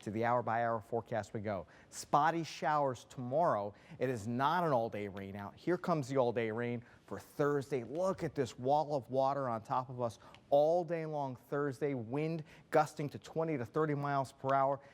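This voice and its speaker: A man delivers a local TV weather forecast from a news studio. His voice sits at an ordinary middle pitch. He walks viewers through the maps in a brisk, conversational manner.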